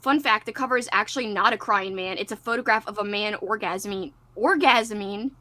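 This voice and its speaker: A woman's voice: mid-range voice, a little fast, bright, forceful tone. A woman hosting a casual livestream chat, giggling often and reading chat comments aloud. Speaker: livestream host.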